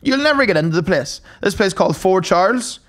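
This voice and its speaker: A Northern Irish man co-hosting a podcast, telling a story in a lively way, swearing and acting out the quotes. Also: sits high, fairly quick. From Northern Ireland. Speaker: podcast co-host. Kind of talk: casual storytelling chat.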